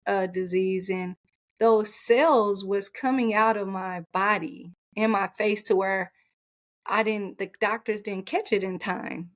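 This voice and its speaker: A woman coach, a guest on an interview podcast, telling her personal story in a candid, heartfelt way. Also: mid-range voice.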